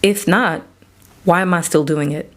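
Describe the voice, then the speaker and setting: A woman's voice: on the low side, a little slow. A woman therapist and psychiatric provider speaking earnestly to camera about faith and mental health, in a conversational way that acts out back-and-forth dialogue.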